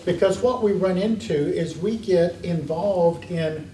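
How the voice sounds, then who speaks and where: A man's voice: high-pitched, a little slow, warm tone. Man, parenting class teacher, earnest storyteller, echoey room, distant mic. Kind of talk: classroom lecture. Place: church meeting room. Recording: echoey room from far off, faint hiss.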